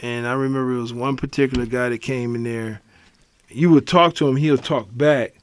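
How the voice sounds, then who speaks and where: A man's voice: medium pitch, steady tone, normal speed, smooth. A man co-hosting a podcast in casual chat, telling stories and acting out voices. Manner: storyteller who acts out voices. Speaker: podcast co-host.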